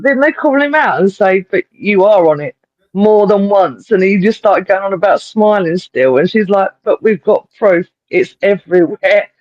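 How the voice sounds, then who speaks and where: Male co-host, high and bouncy voice, muffled dull mic, chatty. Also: moderate pace, no echo. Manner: chuckling, loose, interjects often. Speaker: podcast co-host. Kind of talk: casual chat.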